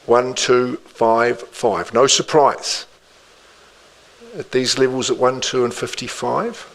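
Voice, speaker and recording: A man working as an auctioneer, calling bids in a rhythmic patter, repeating the figures with quick asides to the room. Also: mid-range voice, steady tone, a bit bright, low-quality recording.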